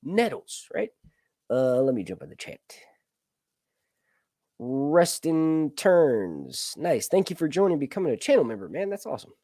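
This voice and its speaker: Man, early thirties, stream host, casual rambling talk, swears a lot, highish lively voice, dry close sound. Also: a little slow, dry recording. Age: 30s. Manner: rambling, profane and joking, loses his train of thought. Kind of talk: casual live-stream chat.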